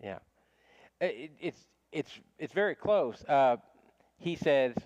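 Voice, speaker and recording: A man's voice: medium pitch, a little mellow, clear, resonant tone, no room sound, lo-fi sound. A man teaching a casual Bible study class, talking conversationally with frequent restarts and small chuckles.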